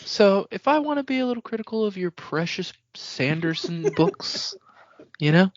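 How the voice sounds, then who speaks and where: Lively, higher-voiced man on a podcast. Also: normal speed, no room sound. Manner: self-deprecating, candid. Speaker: podcast co-host. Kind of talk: casual podcast chat. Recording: dry, muffled lo-fi podcast audio.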